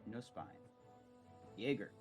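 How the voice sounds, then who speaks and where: A man's voice: fairly low pitch, lively intonation, takes it slowly, slightly rough, faint music behind. Casual rambling man running a game. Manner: rambling, casual, filler-heavy. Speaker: game master. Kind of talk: narrating a tabletop game.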